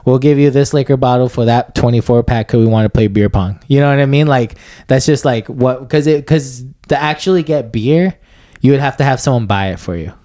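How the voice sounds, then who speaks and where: A man's voice: medium pitch, fairly quick, mellow, dry recording, studio quality. A young man co-hosting a comedy podcast, telling stories in loose, rambling casual chat. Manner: rambling, loose, full of "bro" and "you know what I mean". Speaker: podcast co-host.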